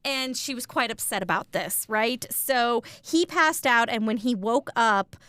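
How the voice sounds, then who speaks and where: A woman's voice: fairly high pitch, a little slow, bright, forceful tone, clear, resonant tone, no room sound. A woman co-hosting a casual true crime podcast, telling the story with lots of ums and likes.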